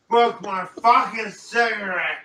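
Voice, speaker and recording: A man ranting furiously, shouting and cursing in a recorded video clip. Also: sits high. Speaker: video creator in a played clip. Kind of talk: raging rant. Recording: loud noisy clip audio.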